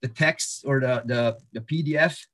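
Delivering a sermon, a man goes through Bible verses with frequent fillers, restarts and repeated words. His voice is medium-pitched and fairly bright, at normal speed.

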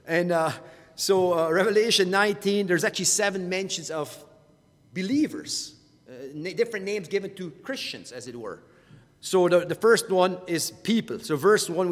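A man's voice: high-pitched, in a large hall. A man teaching a Bible study in a conversational way, often repeating words as he goes.

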